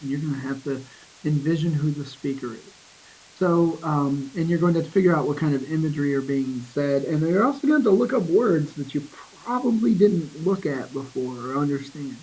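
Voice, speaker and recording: A man teaching a poetry lesson in a screencast, thinking aloud with fillers and reading verse slowly. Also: a little high, animated, mellow, slightly rough, rough recording.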